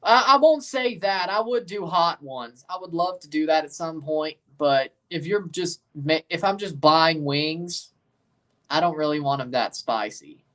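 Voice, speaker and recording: His voice sits a little high and a bit bright, and he takes his time. He's a Mississippi livestream host with a Southern US accent, casually chatting through a watchalong and answering viewer comments.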